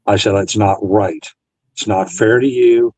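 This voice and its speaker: Earnest veteran man, lowish voice, dry close sound, relays old conversations line by line. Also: steady tone, a little slow, darkish tone, no room sound, low-quality recording. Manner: retells conversations, quoting both sides. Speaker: Navy veteran guest. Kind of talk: storytelling interview.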